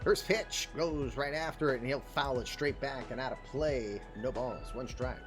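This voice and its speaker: A man doing casual play-by-play commentary for a baseball game, calling pitches and counts with chatty joking asides. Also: moderate pace, music in the background. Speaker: play-by-play announcer.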